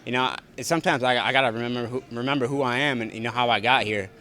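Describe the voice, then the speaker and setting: A young fighter fields reporters' questions backstage at an arena following his bout, his medium-pitched voice quick and sharp in tone. The post-fight interview answers come out blunt, repetitive and full of profanity.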